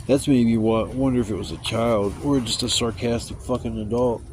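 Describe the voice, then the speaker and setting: A man's voice: medium pitch, fairly even intonation, fairly quick, noisy background. A man telling rambling, profane stories in a casual vlog. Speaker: vlogger. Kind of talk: casual storytelling.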